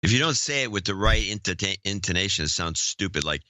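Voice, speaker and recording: A man's voice: deep voice, expressive, quick pace, sharp tone, no echo. A man co-hosting a podcast, chatting casually and making wry, mocking remarks. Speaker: podcast co-host. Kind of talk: casual chat.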